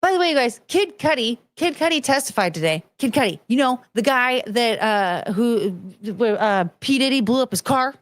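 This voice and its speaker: Lively, blunt woman chatting. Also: fairly high pitch, moderate pace, few pauses, dry recording. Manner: blunt, profane, animated, mocking voices in quotes. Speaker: streamer host reading chat. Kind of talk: casual chat.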